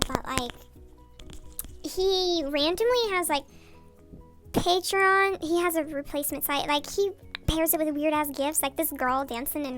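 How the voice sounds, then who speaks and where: A young woman ranting sarcastically and rambling off-topic late at night in her bathroom, her voice digitally sped up. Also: a bit bright. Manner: rambling, sarcastic, off-topic, with swearing and mock outrage. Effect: voice digitally sped up and pitched up. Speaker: YouTuber. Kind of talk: late-night rant vlog.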